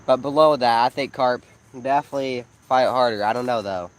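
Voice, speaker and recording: A man's voice: medium pitch, brisk, clean tone, low-quality recording. Chatty man on a night fishing stream. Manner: chatty, tells fishing stories, asks viewers to choose. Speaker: fishing channel co-host. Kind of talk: casual live-stream chat. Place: outdoors at a pond at night in the rain.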